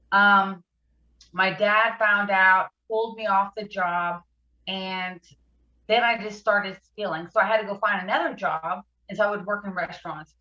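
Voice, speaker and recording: A woman, a podcast guest, recounting her past addiction in a halting, emotional way, fighting back tears. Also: medium pitch, pushed and bright, roomy sound, muffled recording. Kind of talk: personal recovery story in an interview.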